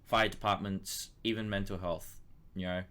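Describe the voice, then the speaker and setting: A man's voice: sits low, steady tone, normal speed, sharp tone, clean tone. A young man hosting a podcast, talking casually in long, rambling stretches with hesitant restarts. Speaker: podcast host. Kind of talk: casual chat.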